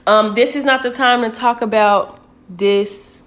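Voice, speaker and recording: A woman's voice: fairly high pitch, fairly even intonation, a little slow. Casual woman coach talking to viewers. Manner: warm, direct, uses "y'all" and "baby". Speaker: spiritual coach. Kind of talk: casual livestream talk to viewers. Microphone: phone.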